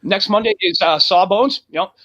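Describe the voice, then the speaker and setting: A man telling a profane, animated road story as a guest on a casual talk show. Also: high voice, normal speed. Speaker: guest musician.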